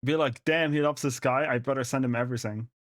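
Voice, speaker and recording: A man's voice: medium pitch, fairly even intonation, quick pace, fairly bright tone, no echo, studio quality. A man commenting live on a stream, reacting to clips with amused exasperation and stammered restarts.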